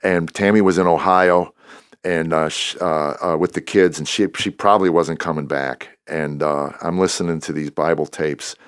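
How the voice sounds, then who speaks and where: A man in his sixties, a comedian, telling lively stories in a podcast interview and acting out what people said. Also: very deep voice, normal speed, smooth, no room sound, studio quality. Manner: animated storyteller who acts out quoted dialogue. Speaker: comedian guest.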